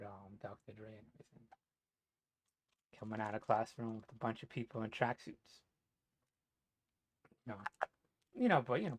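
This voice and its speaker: A man from New Jersey telling a rambling, profane story in a casual monologue, full of "you know" fillers. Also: fairly low pitch. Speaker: vlogger.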